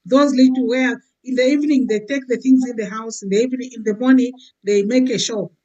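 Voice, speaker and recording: Sex: woman. Role: guest giving a testimony. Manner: chatty, many fillers. Pitch: somewhat high. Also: fairly even intonation, brisk, dull audio. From Zambia. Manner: warm, filler-heavy, keeps saying "you know". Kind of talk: testimonial chat.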